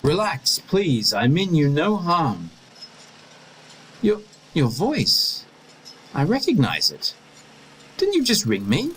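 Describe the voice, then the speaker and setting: A man's voice: fairly high pitch, huge pitch swings, a bit bright, a little hiss or hum, full character voice, low-quality recording. An actor playing an eccentric, inquisitive male time traveller in an audio drama. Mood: reassuring, curious. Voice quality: quick, inquisitive, playful. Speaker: lead character in an audio drama.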